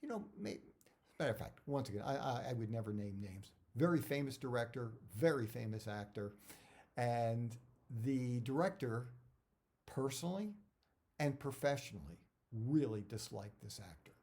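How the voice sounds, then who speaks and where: A man's voice: mid-range voice, animated, normal speed, darkish tone. A middle-aged man, an actor, giving career advice in a casual talk that rambles, repeats words and drifts off topic.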